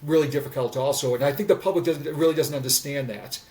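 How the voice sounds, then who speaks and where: A man's voice: fairly high pitch, quick pace, darkish tone. A man around sixty, a former police officer, telling candid stories in a podcast conversation, earnest and repeating words as he restarts sentences. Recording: voice distant from the mic.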